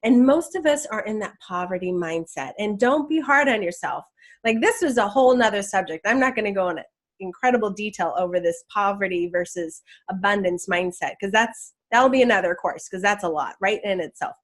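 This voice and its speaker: A woman's voice: medium pitch, animated, fairly quick. A woman teaching law of attraction in a casual, enthusiastic talk, chatty with many restarts.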